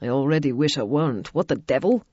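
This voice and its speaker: A woman voicing a gruff, blunt and irritable grown man. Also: very deep voice, lively intonation, quick pace, a little mellow, dry recording, lo-fi sound.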